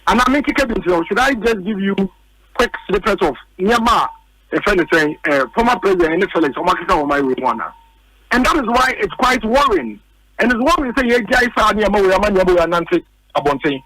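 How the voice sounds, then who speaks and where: Man, Ghanaian English accent, political commentator, high voice, dry studio, emphatic, rhetorical questions. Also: animated, normal speed, sharp tone, dry recording, low-quality recording. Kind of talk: heated political argument on radio.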